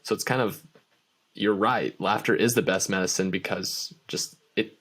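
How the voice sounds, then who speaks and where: A man hosting a podcast interview, relaxed and agreeable, laughing along with his guest. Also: low voice, normal speed, husky. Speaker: podcast host. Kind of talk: casual interview chat.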